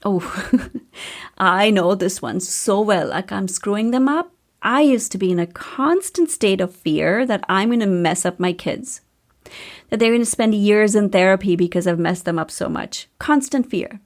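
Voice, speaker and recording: A woman's voice: mid-range voice, measured pace. A woman in her thirties hosting a podcast, talking candidly and casually with a storyteller's chatty flow. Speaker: podcast host and coach.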